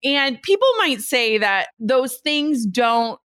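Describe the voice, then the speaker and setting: A woman's voice: high-pitched, slow, smooth. A woman in her thirties hosting a podcast, talking casually and earnestly and reading sponsor spots. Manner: earnest, animated storytelling. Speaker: podcast host. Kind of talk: casual podcast talk with read ads.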